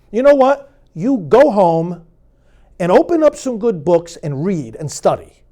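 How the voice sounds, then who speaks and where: A man's voice: high voice, very animated, a little slow, dark tone. A middle-aged man, a priest hosting his own show, talking straight to the viewer in a sarcastic, preachy way that builds to fervent emphasis. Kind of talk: direct-to-camera commentary.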